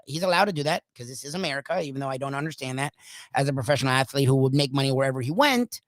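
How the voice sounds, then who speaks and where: A hoarse man hosting a sports talk show alone, ranting emphatically in a loud, opinionated monologue. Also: mid-range voice, lively intonation, rapid-fire, no room sound, low-quality recording. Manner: opinionated, swings between loud bursts and quiet asides. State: hoarse from coaching. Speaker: sports radio host.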